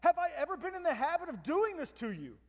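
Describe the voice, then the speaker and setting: A man's voice: extremely high pitch, big pitch swings, fast, pitched above the performer's own voice. A man voicing an indignant male talking donkey who asks pleading, reasonable questions. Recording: long hall reverb.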